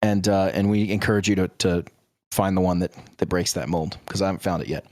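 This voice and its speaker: A man's voice: low-pitched, fairly even intonation, fairly quick, a little mellow, no room sound, studio quality. A man co-hosting a casual music podcast from home, making wry joking remarks. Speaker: podcast co-host. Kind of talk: casual chat. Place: home room by a window.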